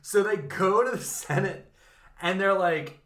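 A man's voice: high-pitched, measured pace, fairly bright tone, reverberant. A man co-hosting a podcast, retelling history in a casual, profane, comic way with modern workplace comparisons. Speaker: podcast co-host. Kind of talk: casual comedic history storytelling.

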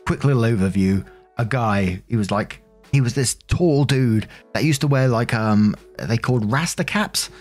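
A man's voice: medium pitch, normal speed, soft background music. A man reading a funny post aloud and adding casual commentary, amused and laughing along. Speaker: storyteller reading a Reddit post.

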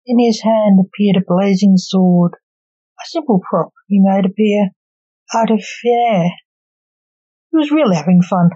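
A woman storyteller reading a story aloud in a calm, even way. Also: medium pitch, unhurried, pauses often, breathy edge, no echo. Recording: dull lo-fi recording.

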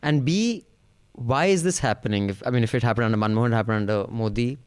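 A man's voice: medium pitch, fast, clean tone. A man with an Indian English accent hosting a casual political podcast, rambling through the news with jokes. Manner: joking, rambling news rundown. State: out of breath. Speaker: podcast host.

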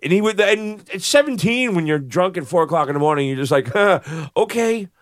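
Animated, profane male storyteller. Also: on the high side, quick pace, dry recording, clean studio sound. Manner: animated storyteller, swears freely, acts out voices. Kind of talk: casual storytelling chat.

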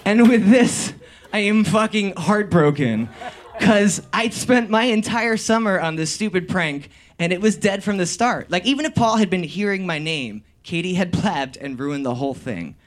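A young man with a slightly high voice tells a comic story from his own life. He is animated and swears freely, laughing and bursting into shouts as he goes. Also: normal speed. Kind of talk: live comedic storytelling.

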